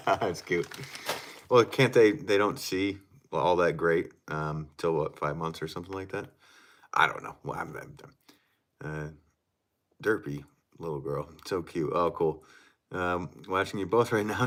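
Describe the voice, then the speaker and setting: A man with a very low voice chats easily on a live stream, thinking aloud as he works and answering viewers. Loud background noise and clicks run under the recording from his studio. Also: a little slow, pauses often. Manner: easygoing, thinks aloud, reads chat comments. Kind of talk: casual live-stream chat while working. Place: pottery studio.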